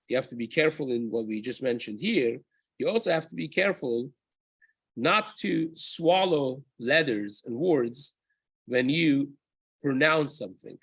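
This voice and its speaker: A man's voice: medium pitch, fairly bright tone, breathy edge, no echo, rough recording. A man, a rabbi, teaching a daily lesson on Jewish law in a casual explanatory way, often restarting and checking "right?". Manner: drops into chanting Hebrew verses.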